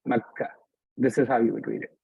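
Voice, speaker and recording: A man's voice: mid-range voice, unhurried, breathy edge, no echo, muffled recording. A man teaching beginners in a live class, patient, often checking that his students follow. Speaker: Arabic teacher. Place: mosque classroom.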